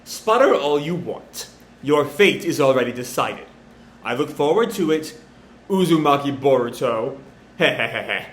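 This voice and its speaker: A man voicing a cold, taunting male alien being in a slow, low reading. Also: lively intonation, a little hiss or hum, close to an everyday voice. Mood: menacing. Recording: roomy echo.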